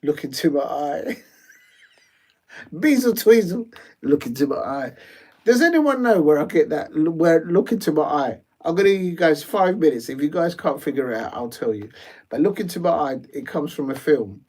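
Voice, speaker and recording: A man doing rambling, jokey live commentary on a football match, with slangy asides and sudden excited shouts. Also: fairly high pitch, brisk, slightly rough. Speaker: watch-along streamer. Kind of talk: live watch-along commentary.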